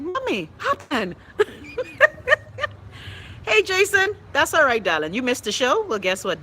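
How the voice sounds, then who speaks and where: A Bahamian woman hosting her own livestream show, telling stories and reading viewer comments in a loud, animated way. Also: medium pitch, a little hiss or hum, rough recording. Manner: animated, loud storytelling with bursts of laughter.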